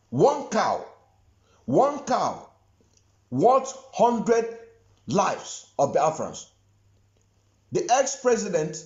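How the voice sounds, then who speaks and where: Igbo-accented male commentator, high animated voice, repeats himself for emphasis, muffled echoey room. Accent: Nigerian Igbo. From southeastern Nigeria. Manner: emphatic, repeats phrases for stress. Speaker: online commentator. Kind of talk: impassioned social media commentary.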